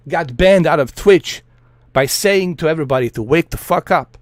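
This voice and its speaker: A man's voice: on the high side, expressive, measured pace, dry recording, studio quality. A man streaming while he plays, ranting in a heated, profane, repetitive way. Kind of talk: ranting monologue over a flight sim.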